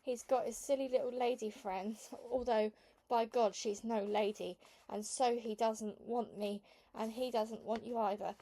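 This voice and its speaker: A woman voicing a scornful, sharp-tongued mother who shouts and jeers, in a storybook read-aloud. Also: fairly high pitch, steady tone, unhurried. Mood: jeering. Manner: jeering, loud and cutting.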